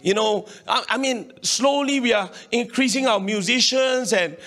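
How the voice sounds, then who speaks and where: Animated Singaporean pastor, high voice. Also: male voice, moderate pace. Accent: Singaporean English. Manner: animated, call-and-response, colloquial particles. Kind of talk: sermon.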